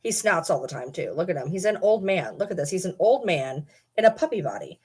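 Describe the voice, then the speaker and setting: A woman's voice: lowish voice, sing-song, brisk, a little mellow, breathy edge. A woman vlogging casually from home, rambling and swearing offhandedly while talking to her dogs. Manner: rambling, swears casually, talks to her dog mid-sentence. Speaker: channel host. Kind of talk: casual vlog chat.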